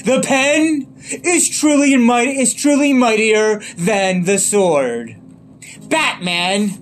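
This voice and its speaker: A man's voice: high-pitched, slow. A man doing an impression of a madcap male clown villain from a film, with a showy, mocking, sing-song delivery.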